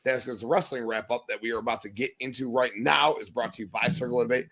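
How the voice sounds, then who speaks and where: A man's voice: mid-range voice, steady tone, fast talker, a bit bright. A man hosting a casual wrestling podcast, upbeat and joking, swearing freely as he runs the panel. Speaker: podcast host. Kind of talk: casual sports podcast chat.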